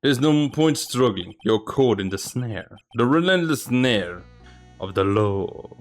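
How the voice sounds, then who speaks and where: A man voicing a calm, smug prosecutor in a courtroom game, speaking low and slow. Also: faint music behind.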